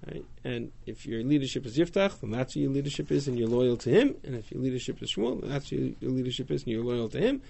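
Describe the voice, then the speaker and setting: Male teacher with a gravelly voice, animated, reading out verses and explaining them. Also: mid-range voice, quick pace, few pauses. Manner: animated, reads Hebrew verses then paraphrases them. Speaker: Torah teacher. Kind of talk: text-study class.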